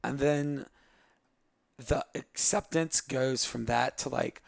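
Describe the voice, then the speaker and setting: A man's voice: mid-range voice, slow, vocal fry, no room sound. A man in his thirties telling a candid personal story in a rambling way, with many fillers like 'like'. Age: 30s. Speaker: guest.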